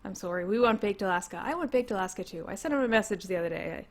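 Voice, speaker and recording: A young woman with a Canadian accent, a little hoarse from losing her voice, rambling through a casual livestream from home, laughing often. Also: mid-range voice, lively intonation, fast. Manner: rambling, laughs often, reads chat comments aloud. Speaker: livestream host. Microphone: computer mic.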